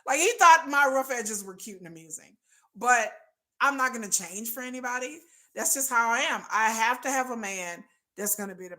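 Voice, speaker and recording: A woman's voice: on the high side, pushed and bright. A woman hosting a casual livestream, talking candidly and bluntly and laughing often. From United States. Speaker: livestream host.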